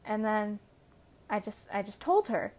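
A woman's voice: medium pitch, very animated, measured pace, darkish tone. A teenage girl tells a personal story in a loose, casual way. She rambles and corrects herself mid-sentence, with plenty of fillers. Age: teens. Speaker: podcast host.

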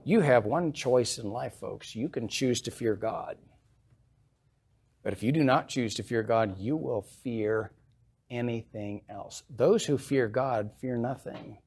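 A man's voice: mid-range voice, unhurried, a little mellow, slightly rough. A man preaching a sermon as pastor in a church, reading scripture aloud with emphatic rises and then explaining it in a plain, conversational way.

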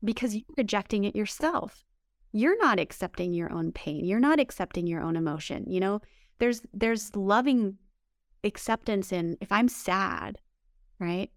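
Woman healing coach, emphatic and upbeat, repeats words, mid pitch, dry sound. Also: expressive, a little slow, no room sound. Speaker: spiritual healing coach, guest. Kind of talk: conversational interview answers.

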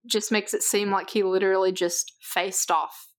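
A woman from Britain co-hosts a podcast, talking through a movie's scenes casually. She sounds amused and chatty, with a middle-pitched voice. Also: fairly even intonation, moderate pace. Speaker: podcast co-host. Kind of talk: casual movie recap chat.

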